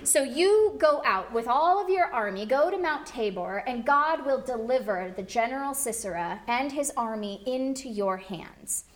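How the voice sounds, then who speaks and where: A woman's voice: a little high, lively intonation, moderate pace, hardly any pauses, natural voice. A woman voicing a wise ancient woman judge who gives firm orders with a slightly sassy edge. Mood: commanding.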